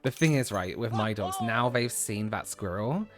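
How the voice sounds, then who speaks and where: With music playing behind him, a game streamer makes casual, rambling conversation and frequently breaks into laughter. He speaks in a lowish, animated voice at a moderate pace.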